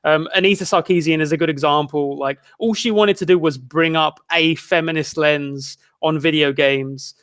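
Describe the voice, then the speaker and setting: A man chats as a guest in a loose, conversational way, dropping the odd swear word. His voice sits a little higher than most men's. The recording is dry, with no room sound. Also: steady tone, normal speed, few pauses, a bit bright, no echo. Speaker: guest video critic. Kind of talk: casual chat.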